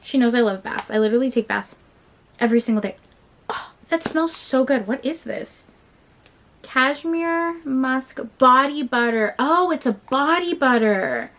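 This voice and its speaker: A woman's voice: fairly high pitch, lively intonation, moderate pace, a bit bright, slight background noise. A woman hosting her book channel in a casual vlog, gushing with enthusiasm and often repeating her phrases. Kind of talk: casual vlog unboxing chat.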